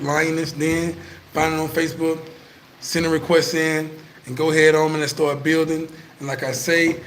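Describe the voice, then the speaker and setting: A man's voice: fairly high pitch, fairly bright tone, slight background noise, poor audio. Man telling a profane laid-back story. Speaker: vlogger. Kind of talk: casual storytelling to viewers.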